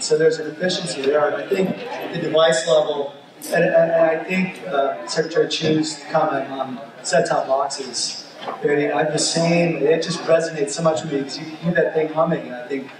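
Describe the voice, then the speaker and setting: A man's voice: on the high side, fairly even intonation, normal speed, a crowd in the background. A man speaking on a conference panel, hesitant and often repeating his words. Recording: echoey hall, distant mic, room noise.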